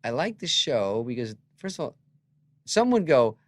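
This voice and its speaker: A middle-aged comedian telling stories in a casual chat, acting out the people he quotes with sudden loud jumps. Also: mid-range voice, moderate pace, no echo. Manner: animated, acts out quoted voices with loud jumps. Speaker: guest comedian.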